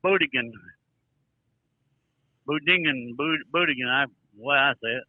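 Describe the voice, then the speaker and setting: A man playing a gruff, profane older trucker caller with a Southern accent, drawling and touchy. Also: medium pitch, expressive, moderate pace, no echo, close to an everyday voice. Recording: tinny phone line.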